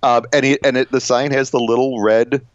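A man's voice: mid-range voice, little pitch movement, fairly quick, dry recording. A man co-hosting a podcast, casual comedic banter, rambling and self-interrupting with frequent laughs. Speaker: podcast co-host. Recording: dull lo-fi dry recording.

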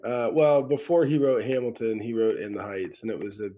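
A man's voice: medium pitch, fairly even intonation, brisk, a crowd in the background. A man in casual podcast chat, reacting with laughs and reading through a list. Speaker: podcast co-host.

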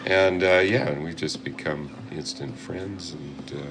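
Deep-voiced guy in his 50s, chatty guest musician, rambles, loud background noise. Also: a little slow. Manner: rambling, self-deprecating, laughs often. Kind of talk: casual interview chat. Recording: noisy recording.

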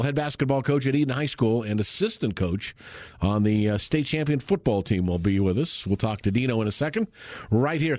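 Brief: male radio sports host, mid-pitched, upbeat chat, dry close studio sound. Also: a little mellow, no room sound. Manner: chatty, enthusiastic, many fillers. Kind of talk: live sports radio talk. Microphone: studio microphone.

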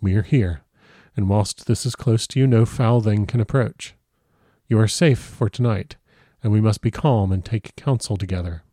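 A man voicing a calm elderly professor who speaks steadily and reassuringly. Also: on the low side, moderate pace, no echo, studio quality, natural voice.

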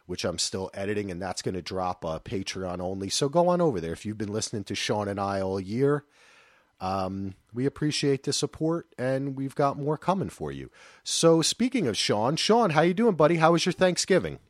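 A man in his thirties hosting a podcast, chatting casually and loosely, with animated asides. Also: fairly low pitch, moderate pace, no echo, studio quality. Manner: loose, rambling, breaks into animated voices for anecdotes. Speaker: podcast host.

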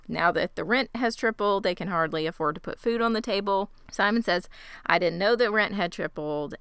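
A woman co-host retells a TV episode in playful, sarcastic chat. Her voice is bright and remarkably clean. It sounds dry and close, with no room around it. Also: lowish voice, clear, resonant tone, no echo. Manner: playful, sarcastic, laughs often. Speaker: podcast co-host recapping a TV episode. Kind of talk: casual recap chat.

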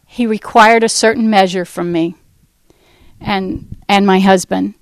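A woman from the United States telling her life testimony, acting out the dialogue in lively fashion. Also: mid-range voice, unhurried, no echo, rough recording. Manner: animated storyteller acting out dialogue. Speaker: ministry founder giving testimony. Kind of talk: personal testimony talk.

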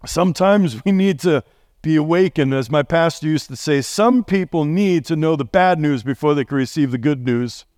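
Middle-aged pastor guy preaching, kinda high voice, dry close sound, chatty with lots of questions. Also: normal speed, no room sound. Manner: conversational, animated preaching with rhetorical questions. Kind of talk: sermon. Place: church sanctuary.

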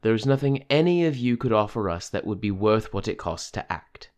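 A man's voice: fairly low pitch, expressive, a little mellow, clear, resonant tone, voice pushed up, natural voice. A man reading an audiobook, voicing a controlled woman leader of a secret group who speaks formally and firmly. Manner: formal, measured, unyielding.

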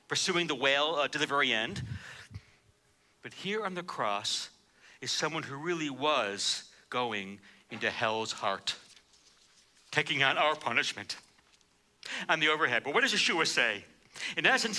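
Bright-voiced preacher man, dramatic delivery. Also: on the high side. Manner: dramatic preaching, swinging between hushed and loud; repeats phrases for emphasis. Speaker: pastor. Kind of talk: sermon.

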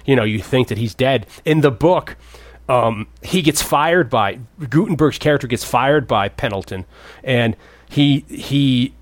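A man's voice: measured pace, dry recording. Chatty man retelling a movie plot. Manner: rambling, acts out characters in jumps of pitch. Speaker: podcast co-host. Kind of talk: casual movie discussion.

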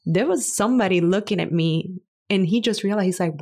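A woman's voice: mid-range voice, fairly quick, a little mellow. A woman in her thirties, a mother co-hosting a faith and parenting chat, telling stories from home. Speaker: podcast co-host. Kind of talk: casual chat, storytelling.

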